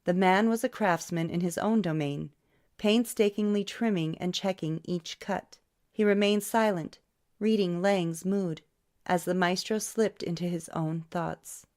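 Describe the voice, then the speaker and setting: A woman with a slightly low voice reads a novel aloud as audiobook narration. She voices every character herself in a steady, scripted delivery. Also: a little slow.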